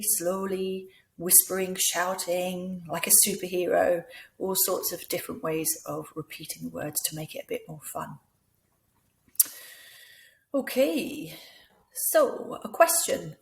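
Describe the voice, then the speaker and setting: Brief: woman trainer, lowish voice, unhurried, patient, clear teacher delivery, echoey room. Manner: clear, patient, demonstrates words in varied voices.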